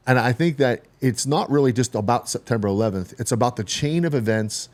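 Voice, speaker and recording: A man's voice: mid-range voice, fast, few pauses, darkish tone. A man speaking as a podcast guest in a reflective, earnest way, asking questions in long strung-out sentences. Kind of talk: conversational interview.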